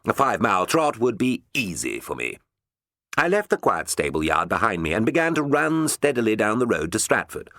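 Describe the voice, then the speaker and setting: Man, audiobook narration, lively expressive pitch, dry close sound. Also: fairly quick, no room sound. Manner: expressive storytelling.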